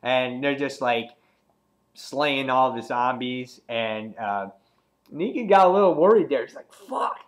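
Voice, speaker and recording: A man's voice: mid-range voice, unhurried. A man reviewing a comic book in casual chat, rambling with many fillers and restarts as he retells the story.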